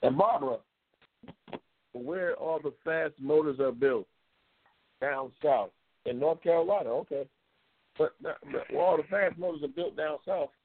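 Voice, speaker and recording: A man hosting a casual live-stream chat, loose and excitable, repeating himself and reading viewer comments. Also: unhurried, pauses often. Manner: loose, excitable, repeats himself, bursts into high-pitched race calling. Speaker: talk show host reading viewer comments. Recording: tinny phone-like lo-fi audio.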